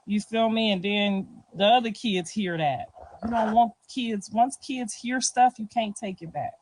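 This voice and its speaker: A woman's voice: medium pitch, unhurried, poor audio. Slangy, casual middle-aged woman. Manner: loose, slangy talk with frequent "you feel me" and soft laughs. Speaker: interviewee. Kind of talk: casual street interview.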